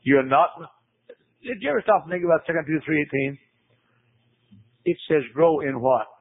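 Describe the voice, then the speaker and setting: A man's voice: on the high side, expressive, moderate pace, breathy edge, dry recording. A man preaching a sermon, emphatic and repetitive, his voice climbing sharply on the words he stresses. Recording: tinny phone-like radio broadcast.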